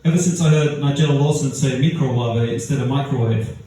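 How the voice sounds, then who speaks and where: A stand-up man with an Australian-sounding accent and a dark, mellow tone, delivering deadpan one-liners with odd stresses. His voice sits a little high and is picked up from a distance, ringing in a very echoey room with faint noise. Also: a little fast. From outskirts of London. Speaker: stand-up comedian. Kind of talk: stand-up comedy set. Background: audience laughter.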